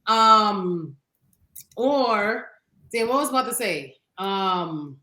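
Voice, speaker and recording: A woman co-hosting a podcast, chatting casually in an animated, profane way and laughing often. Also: medium pitch, takes it slowly, echoey room, low-quality recording. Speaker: podcast co-host. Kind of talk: casual chat.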